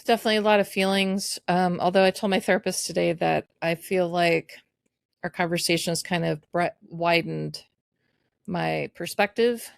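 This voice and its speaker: A woman co-hosting a podcast, guiding the conversation in a measured way and recapping earlier episodes. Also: on the low side, steady tone, gravelly, dry recording, clean studio sound. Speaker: podcast co-host. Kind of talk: candid personal conversation.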